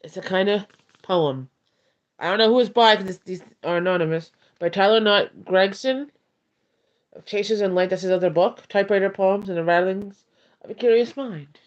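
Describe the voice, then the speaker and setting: A woman hosting an ASMR livestream, chatting in a soft, rambling way. Her voice sits at a middling pitch. The stream audio is dull and lo-fi. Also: moderate pace.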